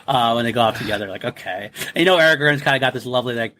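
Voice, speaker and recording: A man's voice: medium pitch, expressive, very fast, pushed and bright, slight background noise. A man co-hosting a casual film podcast, enthusiastic and laughing often, quoting lines in passing. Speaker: podcast co-host.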